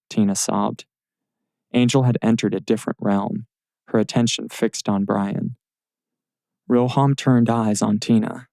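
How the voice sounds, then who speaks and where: A man narrates an audiobook in a steady, measured read. His low voice is dark and gravelly. It is recorded close and dry in a studio booth. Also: dry recording.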